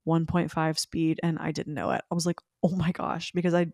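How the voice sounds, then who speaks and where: A young woman talks straight to her listeners in a casual spiritual podcast. She is chatty, rambling and upbeat. Her voice sits a little low for a woman, recorded close and dry with no room sound. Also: little pitch movement, vocal fry, a little mellow, no echo. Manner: fast-talking, slowing down at times. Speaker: podcast host.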